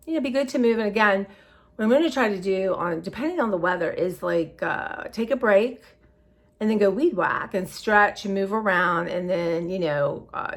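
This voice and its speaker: Low-voiced woman chatting rambly to viewers. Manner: scattered, chatty, says y'all often. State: tired and emotional. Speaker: vlogger. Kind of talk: casual rambling chat to viewers.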